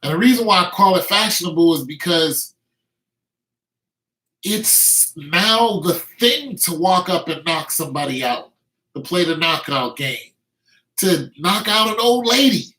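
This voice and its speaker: A man's voice: high-pitched, animated, measured pace, bright, forceful tone. A middle-aged man ranting to camera in a vlog, emphatic and repeating words as he stresses his points. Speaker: vlogger. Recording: roomy echo.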